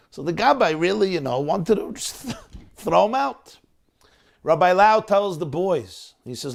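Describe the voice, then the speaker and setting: A male rabbi narrating a story to his listeners over a video call. His voice sits a little high with a gravelly rasp, and he tells it with lively, acted-out energy. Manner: animated storyteller, acting out quotes. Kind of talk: sermon storytelling.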